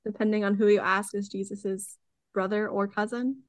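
A woman's voice: mid-range voice, fairly even intonation, normal speed, dry recording. A woman co-hosting a podcast, explaining historical sources in a casual way and reading passages aloud. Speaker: podcast co-host presenting research.

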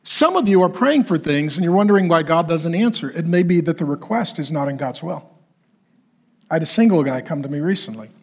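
Middle-aged male pastor, lively high preaching voice with a husky edge, jokes and acts out others. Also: a little fast. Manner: animated, jokey, acts out voices. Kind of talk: sermon.

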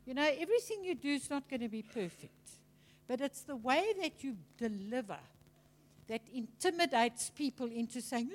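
A woman preaching to a congregation, chatty and animated, telling stories and mimicking people. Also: high voice, normal speed. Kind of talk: teaching sermon.

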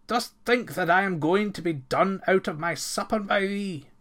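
A man's voice: sits high, normal speed, fairly bright tone, pitched above the performer's own voice. Man voicing a bold, stern young lad. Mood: angry. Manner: old-fashioned thee-and-thou speech, stern. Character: bold hot-tempered young Highland lad.

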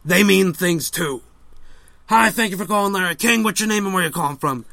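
A man doing an impression of an older male call-in radio host, slow and drawling, handing out random advice. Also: high-pitched, pushed and bright, no room sound. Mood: droning. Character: older male talk-show host, rambling. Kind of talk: comedic impression sketch.

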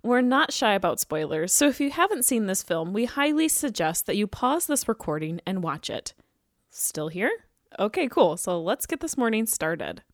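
Young woman, podcast co-host, chatty, animated pitch, dry close sound. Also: moderate pace, no echo. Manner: chatty, reads film history notes with asides. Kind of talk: casual podcast chat.

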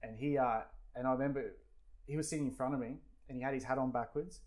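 Australian man, forties, quick rambling guest, salty language, lots of fillers. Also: medium pitch, fairly even intonation, darkish tone. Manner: rambling, swears freely, many fillers. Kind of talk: casual storytelling.

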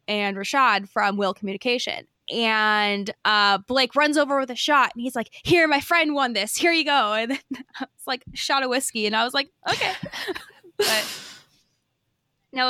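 A woman's voice: a little high, bright, forceful tone, clean tone, no echo. A young woman co-hosting a podcast, telling stories in a bubbly, chatty way full of fillers. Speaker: podcast co-host. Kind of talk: casual chat.

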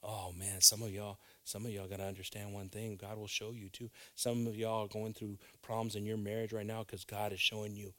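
A male pastor preaching a sermon, dropping into hushed whispers and then rising to emphatic, loud lines. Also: on the low side, level tone, fairly quick, hardly any pauses.

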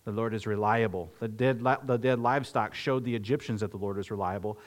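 A man preaching an expository sermon, reading scripture with rising intensity and breaking into conversational asides. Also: a little fast. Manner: earnest, rises in pitch and volume when reading scripture aloud. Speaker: pastor.

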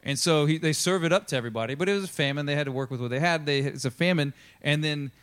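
A man's voice: a little high, fast talker, fairly bright tone, clear, resonant tone. A man preaching a sermon as a pastor, telling Bible stories in a casual, chatty way and acting out the characters' lines. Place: church.

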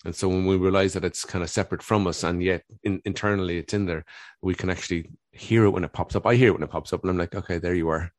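Therapist guy, low voice, talks quick and earnest, dry close sound. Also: fairly even intonation, dry recording. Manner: earnest, explanatory, repeats words as he thinks. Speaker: guest, family therapist. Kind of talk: reflective conversational interview.

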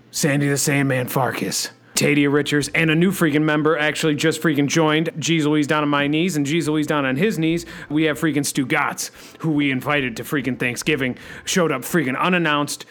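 A man playing an overexcited talk-radio host who says "freaking" constantly and leaps up in pitch. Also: fairly even intonation, brisk, few pauses, fairly bright tone. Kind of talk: comedy radio-show sketch.

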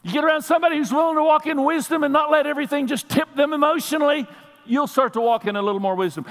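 A middle-aged male pastor preaching, telling stories animatedly and building up to shouts. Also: very high-pitched, rapid-fire. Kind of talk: sermon. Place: church sanctuary. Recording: long reverb of a large hall.

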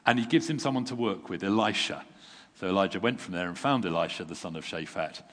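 Deep-voiced man preaching in a hall. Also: lively intonation, quick pace. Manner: conversational, self-deprecating, with chuckles and restarts. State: tired. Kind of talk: sermon. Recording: long reverb from a large hall.

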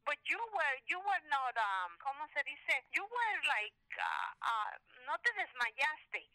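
High bright-voiced mother. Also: unhurried, no room sound, low-quality recording. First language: Spanish. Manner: animated, acts out quotes, hesitant restarts. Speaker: mother telling a family story. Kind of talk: casual storytelling.

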